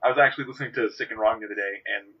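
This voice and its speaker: A young man co-hosting a casual podcast, jokey and rambling, with a husky voice. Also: lowish voice, racing. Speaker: podcast co-host. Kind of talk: casual banter. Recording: dull lo-fi home mic.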